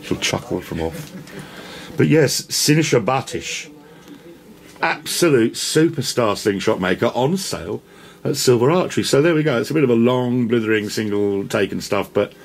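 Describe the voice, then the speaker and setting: A man's voice: mid-range voice, lively intonation, normal speed, vocal fry. A man presenting a rambling, enthusiastic walk-around tour of a shop. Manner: enthusiastic, rambling, self-deprecating. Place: indoor shop.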